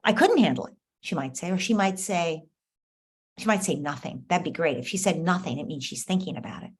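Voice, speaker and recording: A middle-aged woman coaching a parent, gentle and patient, often acting out the child's and parent's lines herself. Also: fairly low pitch, fairly quick, slightly rough.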